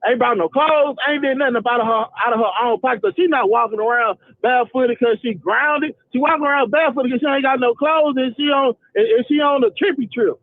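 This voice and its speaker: High-pitched man over a tinny phone line. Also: a little fast, hardly any pauses, no room sound. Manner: emphatic, repetitive, stumbling restarts. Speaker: caller. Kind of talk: phone call-in.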